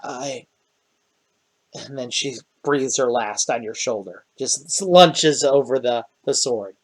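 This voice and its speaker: A man running a tabletop game as game master, narrating scenes in a halting, descriptive way. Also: medium pitch. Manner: descriptive, halting, with restarts and quick laughs.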